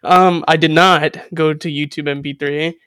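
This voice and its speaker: A man's voice: on the high side, steady tone, a little slow, bright, forceful tone, clean tone, no room sound, studio quality. A man co-hosting a podcast, telling a story in a joking, mock-innocent way. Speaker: podcast co-host. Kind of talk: crude casual chat.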